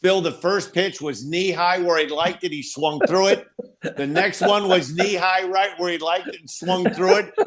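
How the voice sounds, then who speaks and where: An older man, a former baseball pitcher, recounting a game in a plain-spoken, casual way with some swearing. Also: moderate pace, a bit bright. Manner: plain-spoken, swearing, recalls events step by step. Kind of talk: casual storytelling.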